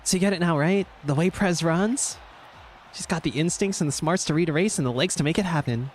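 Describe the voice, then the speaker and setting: A man reading game dialogue aloud in a high girlish voice, playing a peppy, boastful young female racer. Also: brisk, slight background noise, natural voice. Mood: earnest.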